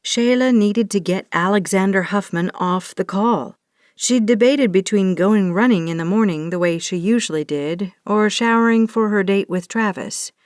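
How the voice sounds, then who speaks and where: A woman reading a small-town romance audiobook as the narrator, in a steady storytelling manner. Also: medium pitch, no room sound, studio quality. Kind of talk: scripted narration.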